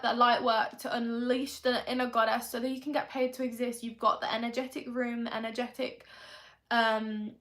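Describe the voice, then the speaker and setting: A woman's voice: a little high, pushed and bright. A young woman talking through a confessional vlog as a manifestation coach, in a chatty, rambling way full of tag questions.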